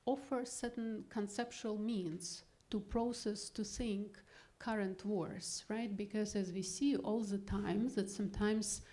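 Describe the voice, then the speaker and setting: A woman's voice: medium pitch, steady tone, slow, warm tone. A woman scholar giving an academic presentation at a panel in a gallery, thoughtful and hesitant as she searches for words. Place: gallery event hall.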